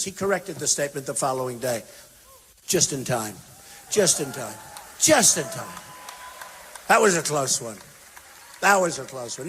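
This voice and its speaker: A man giving a campaign rally speech, emphatic and repetitive, swinging between shouted bursts and quiet asides. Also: on the high side, slight background noise. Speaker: political candidate speaking at a rally. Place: large university venue. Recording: long reverb from a big hall.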